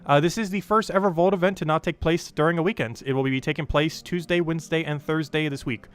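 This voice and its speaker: Hosting a casual gaming livestream, a young man with a New Jersey accent rambles with lots of fillers and laughs often. His voice is fairly high, clean, and fast, with fairly even intonation.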